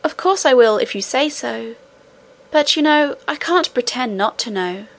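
A woman's voice: on the high side, animated, measured pace, gravelly, heavily acted. A woman reading aloud voices an eager, polite little princess girl who asks questions in a wondering, breathless way. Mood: anxious.

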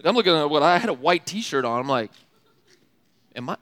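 Animated young man telling stories in a hall. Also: a little high, fast talker. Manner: animated, laughing, casual slang. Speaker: youth speaker. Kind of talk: storytelling sermon. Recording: long hall reverb.

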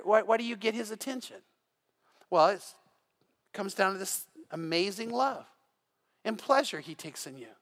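An older male pastor delivers an evening sermon with a high-pitched voice. His tone is bright and ringing, and he tells lively stories, stumbling and restarting his sentences as he goes. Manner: animated storytelling with repeated restarts.

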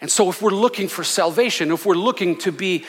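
A male senior pastor preaching a sermon with passion, swinging between loud, fervent declarations and hushed asides. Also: high-pitched, brisk, husky, big-room sound. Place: church sanctuary.

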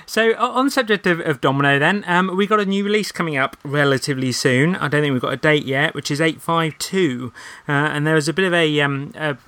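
A man hosting a podcast panel who moves the talk along briskly from topic to topic. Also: on the high side, pushed and bright, no room sound. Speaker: podcast host.

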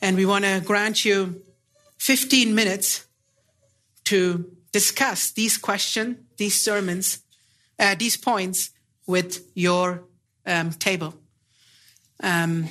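With a high, pushed, bright voice, a man preaches earnestly and deliberately, urging his congregation through pleading rhetorical questions.

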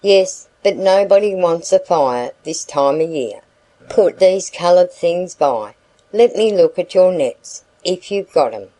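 A woman's voice: lowish voice, big pitch swings, unhurried, darkish tone, voice pushed up, poor audio. A woman voicing a stern, dignified older woman who gives curt, commanding orders.

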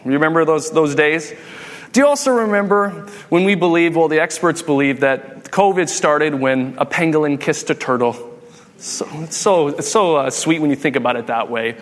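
A man's voice: on the high side, moderate pace. A man in his thirties preaching a humorous sermon, telling jokey stories and acting out quotes. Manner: animated, jokey, acts out quotes. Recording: long hall reverb.

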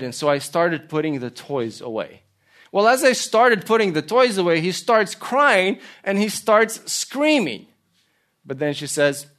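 A man's voice: a little high, lively intonation, a little slow, fairly bright tone. A man preaching a sermon, earnest, telling stories and asking rhetorical questions. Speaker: pastor.

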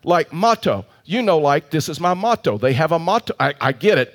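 A man's voice: a little high, big pitch swings, normal speed. A male pastor telling a funny story in his sermon, chatty and self-mocking, often starting again with "and so".

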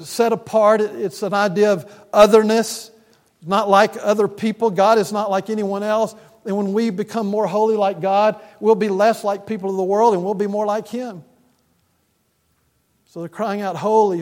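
A man preaching a sermon, earnest and repetitive in his emphasis, with touches of gentle humor. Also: sits high. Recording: long reverb of a church hall.

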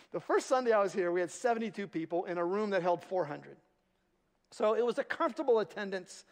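A man's voice: high voice, long reverb tail. A male pastor preaching a sermon, telling stories with self-deprecating humor. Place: church sanctuary.

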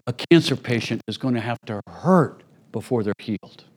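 Man preaching in a relaxed, chatty way. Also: medium pitch, normal speed. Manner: conversational preaching with acted-out little scenes. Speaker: pastor. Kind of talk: sermon.

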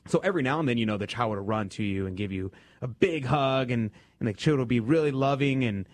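Relaxed male radio host, dry sound. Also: mid-range voice, a little fast, no echo. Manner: conversational, restarts and reads poetry aloud. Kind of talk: casual chat about faith and poetry. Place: radio studio.

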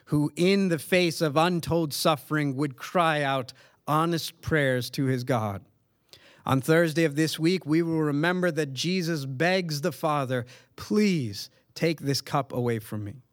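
A man's voice: a little high, a bit bright, no echo, studio quality. Earnest man preaching a sermon. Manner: earnest, emphatic preaching with dramatic pauses. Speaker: pastor.

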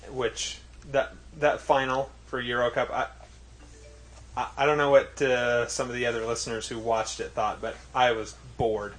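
Man, podcast host, casual chat, halting delivery with many ums, mid-pitched voice. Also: flat delivery, fairly bright tone. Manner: hesitant, lots of ums and restarts.

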